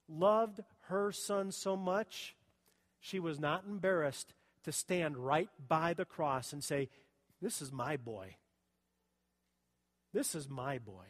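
High-voiced male pastor in a reverberant church. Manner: impassioned storytelling, swings from hushed to loud. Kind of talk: sermon. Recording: long reverb of a church hall.

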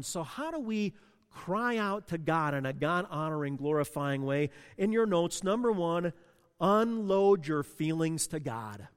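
A male pastor preaching a sermon with passion, dropping to a hush and then rising to loud emphasis. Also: high voice, in a large hall. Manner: passionate, swings from hushed to loud.

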